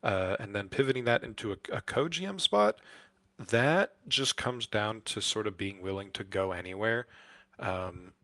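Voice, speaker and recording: Low-voiced man, dry close sound. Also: unhurried, no room sound. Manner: relaxed, hedging advice-giving. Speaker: podcast co-host. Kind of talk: casual chat.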